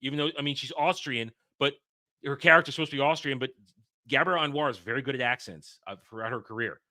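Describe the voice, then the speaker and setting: Guy hosting a movie review, bright sharp voice, opinionated and ranting a lot. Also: medium pitch, fast talker, no echo, clean studio sound. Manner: opinionated, animated, emphatic rants. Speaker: podcast host reviewing a film. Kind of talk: casual film review chat.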